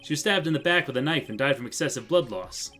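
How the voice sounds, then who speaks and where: A man's voice: medium pitch, animated, fast, pushed and bright, faint music behind. A man voicing a stern older male judge in a game, putting on a wobbly Canadian accent and ending his lines with "eh". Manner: gruff, blustering, tacks "eh" onto his lines. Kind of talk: reading a game aloud on a live stream.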